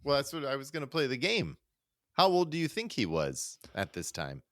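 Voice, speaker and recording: A man's voice: medium pitch, wildly swooping pitch, normal speed, a bit bright, no room sound, studio quality. A man co-hosting a podcast, casually recapping an old comedy episode step by step in an easygoing way and laughing along. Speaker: podcast co-host.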